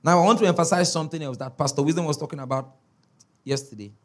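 A man's voice: a little high, fast. A man preaching a sermon as a pastor, emphatic, repeating key words and checking in with his listeners.

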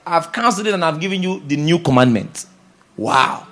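A high-pitched man delivers an emphatic sermon. He repeats his key points and lifts his voice loudly whenever he reads scripture aloud. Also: expressive, quick pace. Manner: emphatic, repeats key phrases, rises loud for scripture readings. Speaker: pastor.

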